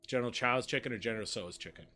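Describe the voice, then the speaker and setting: A man co-hosting a casual gambling stream, loud and rambling, swearing freely as he chats with friends. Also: medium pitch, rapid-fire. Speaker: podcast co-host. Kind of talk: casual banter while playing slots.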